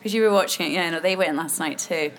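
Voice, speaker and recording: A woman's voice: fairly low pitch, fast talker, over a noisy crowd. A British woman interviewing film guests in a chatty, laughing manner with leading questions. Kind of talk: press junket interview.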